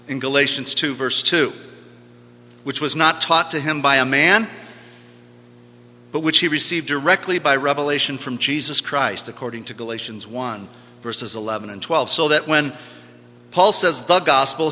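A man's voice: medium pitch, bright, forceful tone. A man preaching a sermon, teaching emphatically and repeating key phrases for stress. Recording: long hall reverb.

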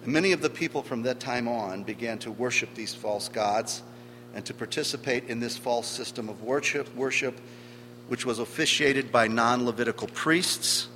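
A man's voice: medium pitch, moderate pace, sharp tone. A man preaching a sermon, emphatic, stressing key words by swelling in volume. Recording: long hall reverb with faint hum.

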